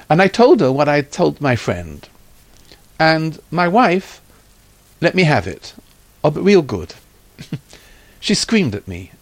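A man's voice: medium pitch, gravelly. A man telling a story from his own life, acting out the dialogue and sprinkling in Yiddish and Hebrew terms. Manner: acts out quoted dialogue, lively retelling.

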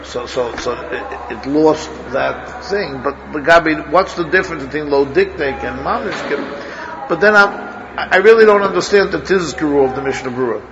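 A man's voice: fairly high pitch, moderate pace, highs cut off, noisy background. A man teaching a Torah study class as a rabbi, thinking aloud, asking his students questions and restarting his sentences often.

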